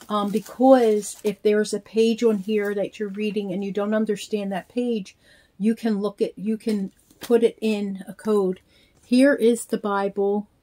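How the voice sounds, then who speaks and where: A woman's voice: mid-range voice, dark tone. A middle-aged woman chatting casually while opening mail, speaking in a heartfelt, grateful way. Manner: slow, heartfelt, gushing with thanks. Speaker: reborn doll vlogger. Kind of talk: casual chat, unboxing.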